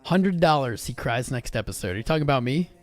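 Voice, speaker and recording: Animated male crypto streamer, casual. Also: medium pitch, fast. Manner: animated, swearing, informal and excitable. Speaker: crypto livestream host. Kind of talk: casual livestream chat reading viewer comments.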